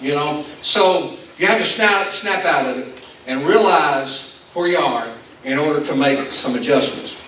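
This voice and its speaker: Rambling Appalachian Southern pastor in an echoey hall. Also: male voice, a little high, a little slow, fairly bright tone, slight background noise. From Appalachian Kentucky. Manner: rambling, self-deprecating storyteller with many restarts. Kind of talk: conversational sermon. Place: school venue used as church hall. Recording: echoey room from far off.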